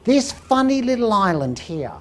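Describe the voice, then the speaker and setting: Lively woman lecturing a room. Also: fairly high pitch, moderate pace. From England. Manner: lively storytelling, asks the audience questions. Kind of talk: live lecture presentation.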